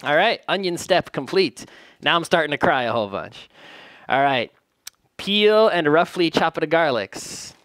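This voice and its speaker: A man's voice: fairly high pitch, lively intonation, measured pace, a bit bright, dry recording. A man casually narrating his home cooking in a kitchen, rambling and joking at his own expense. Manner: joking, rambling, self-deprecating. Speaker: home cook vlogger.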